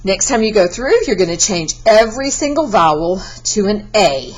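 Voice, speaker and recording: A woman's voice: medium pitch, big pitch swings, moderate pace, lo-fi sound. A Spanish teacher. She gives a recorded class lesson in a chatty, encouraging way and breaks into sung verses.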